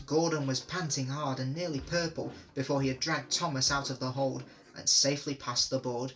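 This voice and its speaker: A man reading children's railway stories aloud in a clear, measured way. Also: medium pitch, fairly even intonation, fairly bright tone, soft background music. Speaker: storybook reader. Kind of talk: storybook narration.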